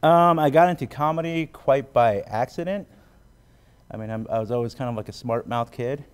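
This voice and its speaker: A man with a medium-pitched, smooth voice speaking at normal speed. He's a comedian from the Gila River area of Arizona, first doing stand-up, then talking as an interview guest. His manner is chatty and filler-heavy, with laughs between jokes.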